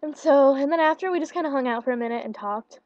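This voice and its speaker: Excitable young woman on a webcam. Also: high-pitched, very fast, no echo. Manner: excited, giggly, lots of fillers and quoted dialogue. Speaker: vlogger. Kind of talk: casual storytelling. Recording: lo-fi webcam audio.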